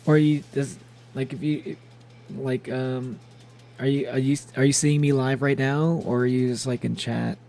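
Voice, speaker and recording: Gravelly young man streaming chatter. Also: mid-range voice, fairly even intonation, measured pace, warm tone. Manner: rambling, laughs often, chatty. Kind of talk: casual gameplay streaming chat.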